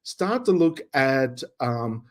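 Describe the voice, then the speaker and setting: A man's voice: mid-range voice, lively intonation, takes it slowly. A man talking casually as a guest on a live show about his comedy work.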